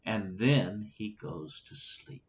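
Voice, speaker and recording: A man reads a children's story aloud at a very slow, unhurried pace. His voice rises and falls with lively expression, and he drops in little asides. The recording is dull and lo-fi. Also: lowish voice. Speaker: storybook reader.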